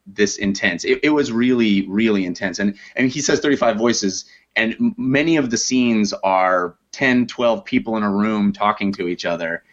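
A man, an actor and audiobook narrator, talking in a relaxed, self-deprecating way in a podcast interview. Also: lowish voice, normal speed, few pauses, lo-fi sound.

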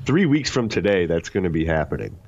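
Man, sports talk co-host, lively swinging pitch, casual banter, home office, dull lo-fi sound. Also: fairly quick, no echo. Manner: animated, laughing, jumps between high and low pitch.

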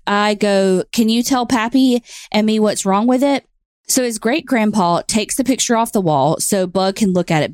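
A woman's voice: medium pitch, no echo, clean studio sound. Woman co-host reading a listener letter. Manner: reads letters aloud in a plain, steady way. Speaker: podcast co-host. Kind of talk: casual chat and reading listener stories.

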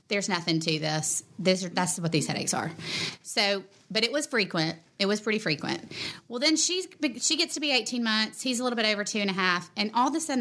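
Woman, thirties, gravelly voice, animated personal storytelling. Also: on the low side. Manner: animated, emotional storytelling with quoted dialogue. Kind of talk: personal testimony.

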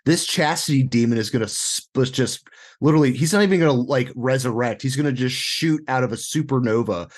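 A man's voice: mid-range voice, a little fast. A man talking about a film on a podcast, joking, riffing and swearing freely. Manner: animated, jokey, swears freely. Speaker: podcast co-host. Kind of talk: casual movie discussion.

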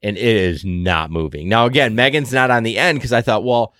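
A man co-hosting a podcast, telling a story in casual chat, animated, jumping between loud outbursts and muttered asides. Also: fairly low pitch, fairly quick, no echo, clean studio sound. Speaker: podcast co-host.

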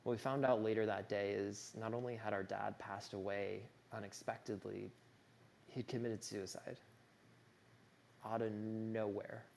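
Gravelly young man telling his story. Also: on the low side, flat delivery, unhurried, darkish tone, a little hiss or hum. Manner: earnest, conversational, with many "like" fillers. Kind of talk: personal storytelling talk.

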